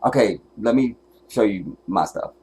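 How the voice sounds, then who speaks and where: A man's voice: fairly low pitch, animated, a little slow, darkish tone, slight background noise. A man hosting a livestream and giving commentary in an angry, profane, emotional rant, at times close to tears. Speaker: livestream host.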